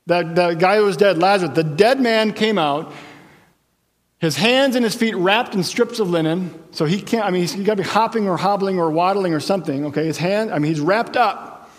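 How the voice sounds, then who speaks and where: Animated male pastor in a reverberant hall. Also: sits high, a little fast. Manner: animated storytelling with asides and jokes. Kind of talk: sermon.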